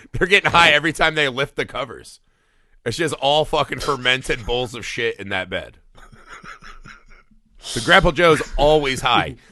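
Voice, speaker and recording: A man in his thirties co-hosting a film podcast, profane and animated, often mocking in high voices. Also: a little slow, pauses often, no echo. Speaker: podcast co-host. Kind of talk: casual film podcast chat.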